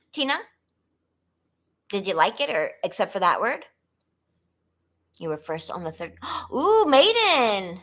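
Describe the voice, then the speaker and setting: Woman, trivia stream host, giggly, chatty, lively swooping pitch. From California. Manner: giggly, chatty, laughs often. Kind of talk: casual livestream chat.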